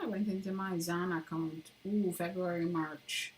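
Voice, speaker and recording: A woman's voice: on the low side, fairly even intonation, measured pace, slight background noise. A woman hosting a casual live stream from indoors at home, chatting with viewers and reading their comments aloud while she carves, with frequent laughter.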